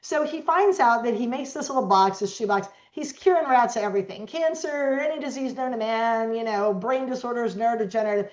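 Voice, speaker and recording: A middle-aged woman guest telling stories in an interview, animated and acting out the voices of the people she quotes. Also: fairly high pitch, brisk, few pauses. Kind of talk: storytelling interview talk. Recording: echoey, dull lo-fi sound.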